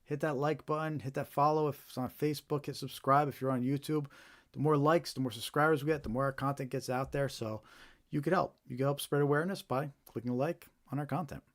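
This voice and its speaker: Casting note: male host, mid pitch, loose conversational stream delivery with frequent fillers. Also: steady tone, brisk. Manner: informal, thinks aloud with fillers and restarts. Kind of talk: live stream talk, reading viewer reports.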